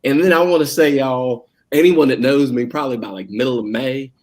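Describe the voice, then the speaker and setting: A man with a Southwest Virginia country accent, talking in a folksy, rambling way over a video call. His pitch sits in the middle range, and his speech is full of fillers and restarts. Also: a little fast. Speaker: guest, school district director. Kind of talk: casual conversational interview.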